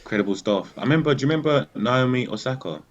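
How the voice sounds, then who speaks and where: A man co-hosting a podcast, chatting in a relaxed, agreeable, slangy way. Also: medium pitch, racing, dull audio. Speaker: podcast co-host. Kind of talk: casual chat.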